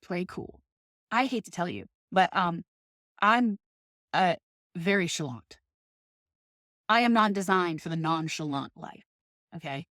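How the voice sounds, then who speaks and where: A woman's voice: on the low side, lively intonation, measured pace, pauses often, fairly bright tone, no echo, studio quality. A woman in her thirties talking in a casual, passionate monologue, swearing often and ranting with emphasis. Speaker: podcast host.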